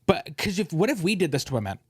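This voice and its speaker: A man's voice: on the high side, big pitch swings, fast talker, husky, no echo, clean studio sound. A man hosting a casual podcast, ranting and joking with his co-host, often mimicking other people's voices.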